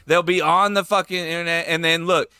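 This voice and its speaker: A man's voice: a little high, little pitch movement, fairly quick, bright, forceful tone, clear, resonant tone, no room sound, studio quality. A man hosting a podcast, talking casually in a heated, swearing way. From Florida. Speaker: podcast host. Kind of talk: casual chat.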